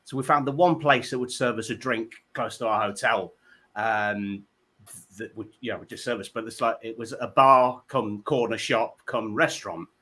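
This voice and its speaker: A man's voice: on the low side, moderate pace, bright, forceful tone, breathy edge. A man hosting a comedy panel show, telling rambling self-deprecating stories full of stammered restarts.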